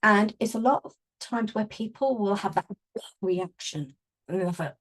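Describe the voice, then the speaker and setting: Woman, workshop leader, gentle conversational guidance, mid-range voice. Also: mid-range voice, unhurried. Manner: warm conversational explaining with gentle affirmations. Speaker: energy healing workshop leader. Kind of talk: guided workshop teaching.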